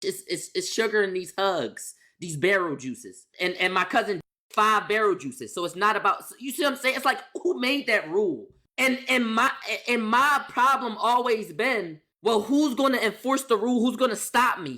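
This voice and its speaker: A young man telling a casual storytime as a streamer, animated and profane, firing off rhetorical questions and repeating lines for emphasis. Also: high-pitched, moderate pace, few pauses.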